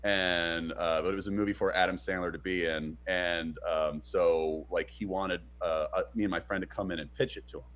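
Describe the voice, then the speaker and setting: In a low voice, at normal speed and with hardly any pauses, a man co-hosts a casual streamed chat. He rambles hesitantly through many fillers and acts out the stories he retells with animation.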